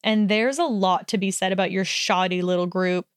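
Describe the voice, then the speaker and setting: A contemptuous young man who snarls and sneers at everyone, as a woman reads him aloud. The voice stays smooth and close, with no room sound around it. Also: mid-range voice, moderate pace, dry recording, lightly acted. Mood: snarling. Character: sneering hostile young man, snide bully.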